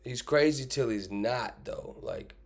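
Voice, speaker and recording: A man's voice: medium pitch, big pitch swings, slow pace, gravelly. A man casually commenting on clips he has just played, blunt and profane, firing off rhetorical questions.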